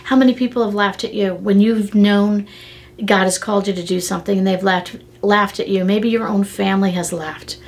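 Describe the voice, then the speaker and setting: A woman's voice: medium pitch, steady tone, moderate pace. A middle-aged woman hosting a devotional podcast, teaching in an earnest, conversational way and telling stories with emotional emphasis.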